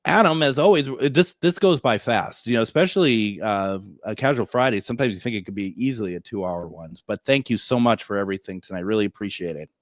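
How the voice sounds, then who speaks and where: A man's voice: fairly low pitch, quick pace, few pauses, no echo, studio quality. A man hosting a casual radio talk show, chatty and laughing often.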